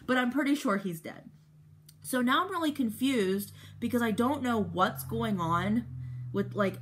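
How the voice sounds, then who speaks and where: A young woman vlogger chatting casually while doing her makeup, rambling with lots of fillers and getting animated when excited. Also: medium pitch. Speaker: beauty vlogger.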